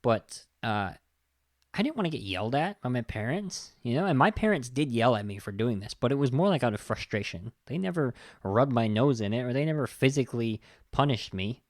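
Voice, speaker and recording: A man's voice: mid-range voice, animated, brisk, dry recording. Exasperated male podcast host, dry sound. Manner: heated, exasperated, swearing, frequent restarts. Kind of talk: casual film review talk.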